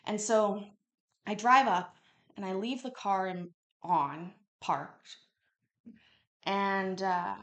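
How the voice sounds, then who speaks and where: A woman hosting a livestream from her kitchen, telling a story in a casual, animated way and swearing freely. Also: medium pitch, slow pace, pauses often. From Canada. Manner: animated, swears freely, acts out quotes loudly. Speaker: livestream host. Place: home kitchen. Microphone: home livestream mic.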